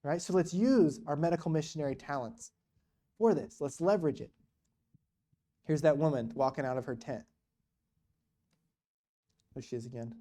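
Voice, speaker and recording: Man, church speaker, mellow voice, casual storytelling, frequent restarts. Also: a little high, normal speed, pauses often. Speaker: guest speaker on mission work.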